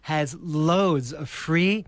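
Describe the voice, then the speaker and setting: A man with an Australian accent, a presentation coach on a podcast, speaking slowly with theatrical emphasis. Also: on the high side, no echo. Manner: slow, theatrical, emphatic delivery. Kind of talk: podcast interview.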